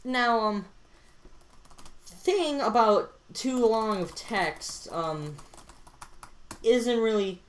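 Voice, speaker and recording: A woman's voice: on the high side, very slow, pauses often. A woman vlogger giving rambling, casual commentary over a screen recording, with many fillers and self-corrections.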